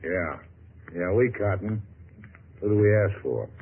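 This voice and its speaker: An actor playing a terse, tough boat captain in a 1950s radio drama. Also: male voice, low voice, measured pace, breathy edge, exaggerated voice. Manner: terse, clipped. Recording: tinny lo-fi old radio broadcast with hiss.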